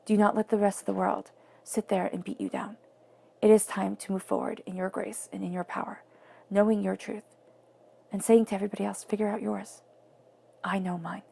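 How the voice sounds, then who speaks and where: A woman reads tarot cards in an earnest, emphatic way, circling back to the same phrases and sometimes sinking into a whisper. Her voice is husky and gravelly, with a mellow, dark tone. Her pitch stays flat and even. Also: brisk. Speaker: tarot reader. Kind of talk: spoken tarot reading.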